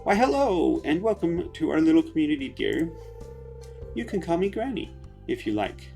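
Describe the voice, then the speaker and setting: Granny, as a man puts her on: high sweet old woman. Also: sing-song, normal speed, creaky, faint music behind. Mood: welcoming. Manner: gentle, welcoming. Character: sweet elderly grandmother villager.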